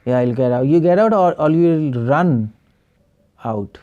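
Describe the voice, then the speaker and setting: A man's voice: fairly high pitch, animated, a little slow, warm tone, lo-fi sound. A male preacher giving an online spiritual class over a video call, firing rhetorical questions at the class and chuckling often.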